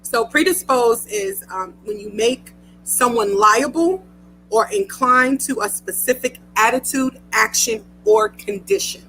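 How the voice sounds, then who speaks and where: A woman's voice: a little high, animated, a little slow, pushed and bright, soft background music, rough recording. A young woman hosting a radio talk show, chatty and emotional, often laughing. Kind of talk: casual chat.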